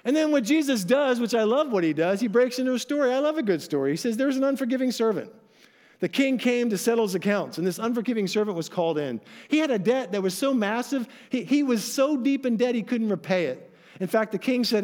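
A man's voice: high-pitched, big pitch swings, a little fast, a little mellow. A male pastor giving a sermon, telling stories animatedly and acting out voices with emphatic asides to his congregation.

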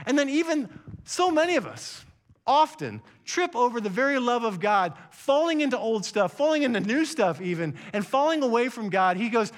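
Emphatic older man preaching, high voice. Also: normal speed. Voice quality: animated and emphatic, with sudden drops to a hush. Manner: conversational, jokey asides and repeated phrases. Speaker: pastor. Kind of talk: sermon.

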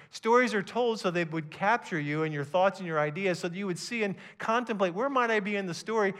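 A man preaching a sermon to a congregation, reading scripture aloud in an animated way with some stammered restarts. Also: high voice. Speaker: pastor.

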